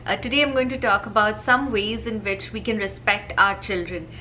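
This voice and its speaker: A woman's voice: medium pitch, steady tone, normal speed, sharp tone, a little hiss or hum. A woman vlogging parenting advice in a casual, earnest, explanatory way, often checking in with "right?". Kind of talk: casual advice talk to camera.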